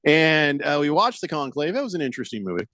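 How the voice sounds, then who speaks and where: A man's voice: fairly high pitch, big pitch swings, fast, bright, forceful tone, no room sound. A man hosting a casual sports radio show, rambling and joking, often stumbling over words and acting out quoted voices. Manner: rambling, jokey, stammers and restarts; acts out quoted voices for laughs.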